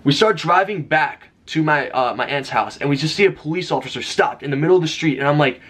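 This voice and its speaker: A young man vlogger telling a story to camera in a casual, animated way. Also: a little high, husky. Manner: fast, animated storytelling with shouted name calls.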